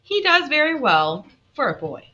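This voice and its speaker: A woman voicing a prim, somewhat ungracious elder sister who gives brisk commands. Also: high voice, very animated, pushed and bright, lo-fi sound, voice pushed up, exaggerated voice. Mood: commanding.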